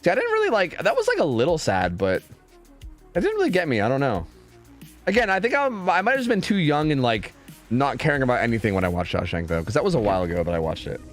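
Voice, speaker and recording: A man's voice: mid-range voice, huge pitch swings, fast talker, soft background music. A man chatting casually with his stream viewers, rambling and swearing a lot, full of fillers. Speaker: streamer and game caster.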